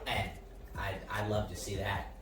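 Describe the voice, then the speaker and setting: A man's voice: on the low side, flat delivery, normal speed, a bit bright, echoey room, recorded from a distance, slight background noise, low-quality recording. A man co-hosting a casual sports chat, laid-back and dryly joking. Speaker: co-host.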